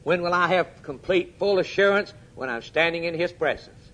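A man preaching with fervent, emphatic delivery. His voice sits a little high for a man, and he swings from hushed, dropped lines to sudden loud urgent peaks. He asks his listeners questions directly. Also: moderate pace. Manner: addresses the congregation directly with questions. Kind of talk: sermon.

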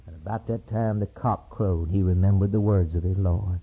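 A male preacher delivers a sermon, swinging from loud high cries to low hushed storytelling. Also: a little fast, hardly any pauses, husky. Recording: tinny lo-fi sermon tape.

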